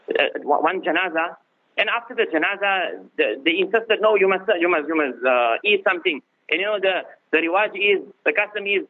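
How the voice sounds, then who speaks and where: A husky, fairly high-voiced man gives an informal religious talk, circling back and repeating phrases to press his point. The sound is narrow and phone-like, carried over a lo-fi radio broadcast. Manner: repetitive, restarts phrases for emphasis. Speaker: mufti giving a talk.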